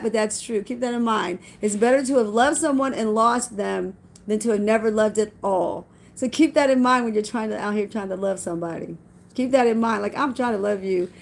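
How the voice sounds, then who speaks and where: A middle-aged woman with a high-pitched voice talks about faith in a casual vlog. She speaks in a folksy, preachy way, and she comes back to the same lines again and again to drive them home. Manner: folksy, preachy, repeats phrases for emphasis. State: tearful at times. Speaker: vlogger. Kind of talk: casual spiritual talk with scripture.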